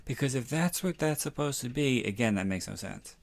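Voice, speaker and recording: A man hosting a podcast, reviewing a horror episode in casual chat, sounding exasperated, skeptical and halting. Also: medium pitch, lively intonation, gravelly. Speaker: podcast host.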